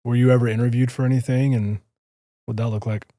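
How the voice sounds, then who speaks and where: Mellow-voiced male podcast host. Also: medium pitch, level tone, fast talker, no echo, studio quality. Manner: curious, loosely phrased questions. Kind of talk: interview questions.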